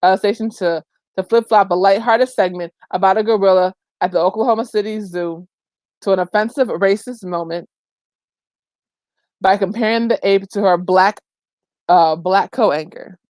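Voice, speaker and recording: A woman's voice: medium pitch, normal speed, darkish tone, no echo. A woman giving emphatic, opinionated commentary in a casual vlog, full of exclamations and slangy asides. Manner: colloquial, says "child" and "girl" often. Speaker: vlogger.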